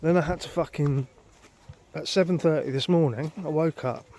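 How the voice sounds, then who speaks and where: A man's voice: a little high, normal speed, dark tone, slight background noise. A man filming a casual outdoor vlog at a lake on a handheld phone, telling a rambling, exasperated story full of swearing. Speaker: vlogger.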